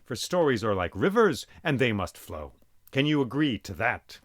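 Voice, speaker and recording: A man's voice: mid-range voice, big pitch swings, normal speed, natural voice. A man voicing a young elephant-headed boy god, speaking earnestly and plainly in a told story.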